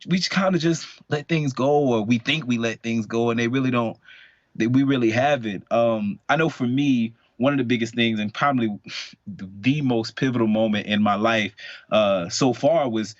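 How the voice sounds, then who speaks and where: A man's voice: mid-range voice, normal speed, no room sound. A man in his late twenties chatting casually on a podcast, telling a personal story in a candid, rambling way. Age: late 20s. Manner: candid, rambling, lively storyteller with many fillers. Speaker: podcast co-host. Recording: dull, dry podcast audio.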